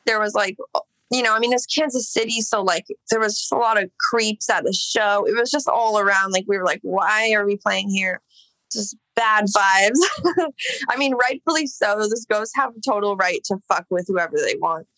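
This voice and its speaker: With a sharp tone in a mid-range voice at a moderate pace, a young Los Angeles singer guesting on a podcast drifts through a long, casual story. Heavy use of "like" and swearing mark her delivery, and the audio is dry and poor.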